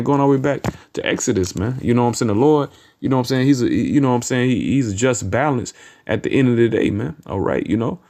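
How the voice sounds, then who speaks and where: Lowish-voiced guy preaching off the cuff, blunt and cussing, keeps saying man. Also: a little mellow. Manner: blunt, profane, repeats "man" and "you know what I'm saying"; reads verses slowly and emphatically. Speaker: street preacher. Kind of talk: informal scripture teaching.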